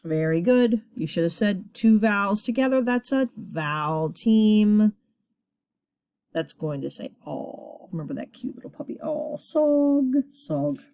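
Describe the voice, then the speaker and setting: A woman teacher leading a children's reading lesson, encouraging her class and sounding words out slowly at a board. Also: mid-range voice, expressive, a little mellow, clean tone, no room sound, clean studio sound.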